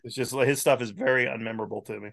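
A man guesting on a podcast, riffing in casual chat with animated rhetorical questions. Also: mid-range voice, very fast.

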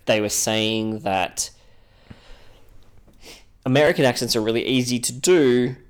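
A man's voice: medium pitch, a little slow, clear, resonant tone. Laughing, rambling Australian man. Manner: rambling, laughs often, restarts. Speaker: podcast co-host. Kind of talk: casual chat.

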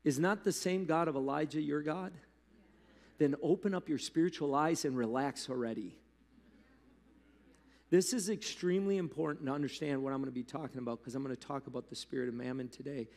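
A man preaching a sermon as pastor, talking to the congregation in a loose, animated way with asides. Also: fairly high pitch, a little fast. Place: church hall. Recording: long hall reverb.

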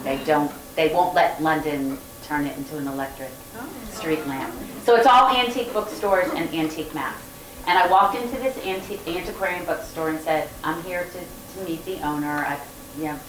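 A woman author with a Southern American accent, telling lively stories to a live audience and often laughing. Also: on the low side, a little hiss or hum. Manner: animated, laughing storyteller. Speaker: guest author. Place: event room with audience. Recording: roomy, distant mic with faint ambience.

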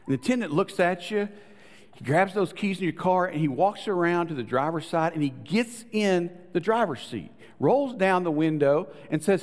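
A man preaches with a high, lively voice that climbs and falls as he tells the story. He acts out the people in it and drops to hushed, low lines for emphasis. His voice rings with the long reverb of a large hall. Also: normal speed. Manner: animated storytelling, acting out quoted voices, dropping to soft low tones for emphasis. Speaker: pastor. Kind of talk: sermon.

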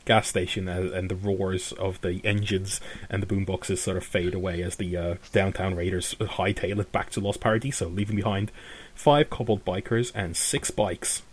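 Husky-voiced man running a tabletop game. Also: deep voice, steady tone, normal speed. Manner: rambling, full of fillers and laughs. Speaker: game master.

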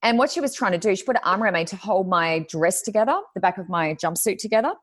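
A woman's voice: medium pitch, expressive, fast, dry recording, clean studio sound. A woman, telling stories in a chatty way and acting out what people said, as a guest in casual chat. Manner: chatty storyteller, acts out quotes. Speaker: guest, Reiki healer and reader.

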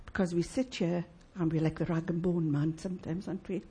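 A woman preaching a sermon in church, emphatic and lively, asking the congregation rhetorical questions. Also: lowish voice, fairly quick, slightly rough.

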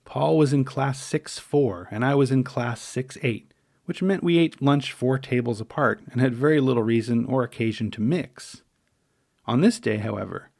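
A middle-aged man narrating a memoir story in a wry, measured, dryly humorous way. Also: mid-range voice, vocal fry, darkish tone, no room sound, studio quality.

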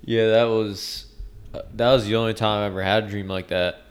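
A man with a lowish voice speaks haltingly, unsure of his memory. His sentences fade out quietly in casual talk. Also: steady tone. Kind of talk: casual podcast chat.

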